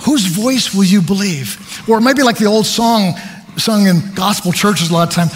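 High-voiced preacher in a reverberant hall. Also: male voice, normal speed, slight background noise. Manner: storytelling, self-deprecating, animated. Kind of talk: sermon.

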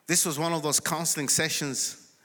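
Pastor, male, bright and forceful, preaching in a big echoing sanctuary, peaks into shouts. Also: a little high, fairly even intonation, normal speed. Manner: builds to shouted declarations. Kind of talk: sermon. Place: large church sanctuary. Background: congregation responding.

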